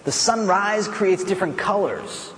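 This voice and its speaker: An American man giving a playful, animated storytelling talk at a conference. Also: sits high, unhurried, big-room sound, a little hiss or hum. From United States. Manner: animated, playful, self-mocking. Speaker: conference speaker. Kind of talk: storytelling speech. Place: conference hall.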